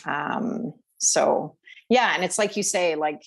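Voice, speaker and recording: A woman's voice: sits low, takes it slowly, vocal fry. A woman guest on a podcast, talking casually about homesteading, with many fillers and small laughs. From Canada. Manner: chatty, hesitant with fillers, laughs. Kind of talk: casual chat.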